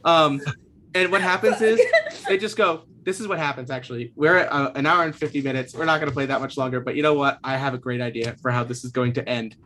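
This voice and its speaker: A game master narrating a tabletop game on a podcast, rambling with restarts and quick to giggle. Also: medium pitch, pushed and bright, a little hiss or hum. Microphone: podcast microphone.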